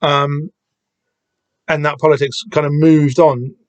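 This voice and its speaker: A man's voice: a little high, level tone, slow, dry recording. Hesitant man with a dry voice. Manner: hesitant, lots of restarts and casual swearing. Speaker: podcast host discussing a comic. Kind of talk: casual rambling commentary.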